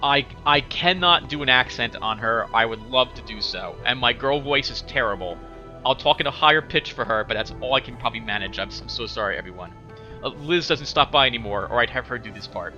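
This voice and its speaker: A man's voice: mid-range voice, expressive, brisk, pushed and bright, dull audio, soft background music. A man hosting a game playthrough, reading the text aloud and apologetic and stumbling over words. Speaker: let's play host.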